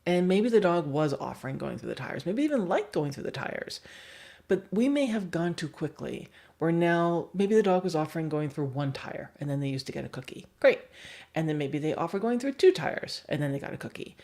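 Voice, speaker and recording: A woman's voice: low-pitched, animated, brisk, darkish tone. A woman dog trainer explaining a training lesson on a livestream, asking the viewers questions and laughing often.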